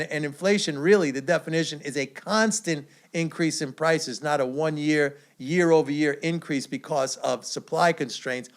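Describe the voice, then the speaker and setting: A man hosting his own economics commentary video, talking in a confident, emphatic, lecturing way. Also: fairly high pitch. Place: away from usual studio.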